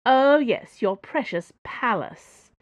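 Woman voicing a scornful businesswoman, sharp, mocking, audiobook, dry close sound. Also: medium pitch, lively intonation, normal speed, no room sound, highs cut off, pitched above the performer's own voice. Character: sharp-tongued woman workshop owner, scornful.

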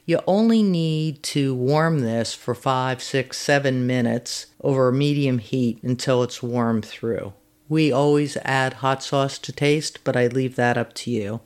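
A woman who volunteers as a master gardener, reading a scripted segment with friendly, step-by-step cooking instructions. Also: very deep voice. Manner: friendly, instructive, recipe steps read at an easy pace.

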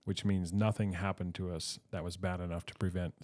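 A man appearing as a podcast guest, upbeat and teasing, throwing in quick remarks. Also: low voice, little pitch movement, a little mellow. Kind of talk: casual podcast chat. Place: room recording a podcast.

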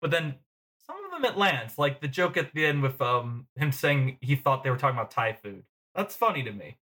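A man's voice: mid-range voice, big pitch swings, a little fast, bright, forceful tone. A man chatting casually about a film on a podcast, rambling and laughing often.

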